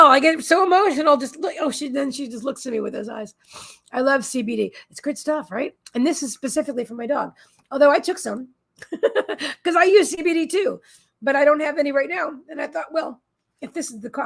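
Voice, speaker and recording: High, gravelly woman chatting casually. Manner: chatty and meandering, often talking to her pets. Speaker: psychic reader hosting a live stream. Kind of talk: casual chat on a live stream. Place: home, at her desk.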